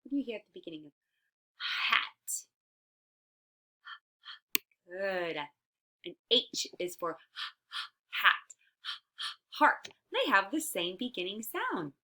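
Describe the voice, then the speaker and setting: Slow, bright-voiced woman teaching phonics. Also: mid-range voice. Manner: slow, stretched-out letter sounds, encouraging. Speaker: early-years teacher. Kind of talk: recorded phonics lesson for young children.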